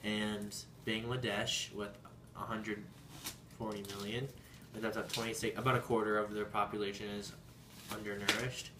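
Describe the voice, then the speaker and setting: A man's voice: lowish voice, level tone, moderate pace. Goofy young man hosting a cooking show. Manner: goofy, rambling, playful. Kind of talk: casual home cooking show. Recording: echoey room with background noise.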